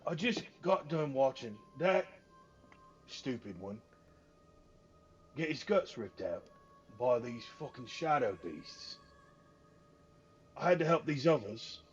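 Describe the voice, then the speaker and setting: A man voicing a gruff, foul-mouthed tavern brawler who talks in crude British slang. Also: a little high, darkish tone, dull audio, voice pushed up.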